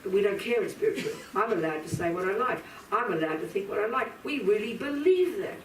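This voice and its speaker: A woman's voice: mid-range voice, expressive, a little fast, few pauses, slight background noise. A woman giving a live Buddhist lecture to an audience. She speaks bluntly and with emphasis, addressing her listeners directly. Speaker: Buddhist teacher. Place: teaching room with audience. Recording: roomy hall from a distance, faint ambience.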